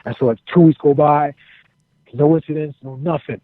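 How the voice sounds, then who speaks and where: A man spins a backstage story in an animated, casual way, acting out the lines of the people in it and swearing freely. His voice sits a little high. The sound is tinny and narrow, like a phone line. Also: moderate pace, no room sound. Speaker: interview guest, former wrestler.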